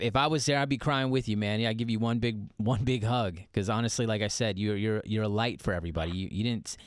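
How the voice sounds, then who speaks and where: A man's voice: lowish voice, no echo, studio quality. A male radio host running a call-in interview, earnest and sympathetic toward his caller. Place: radio studio.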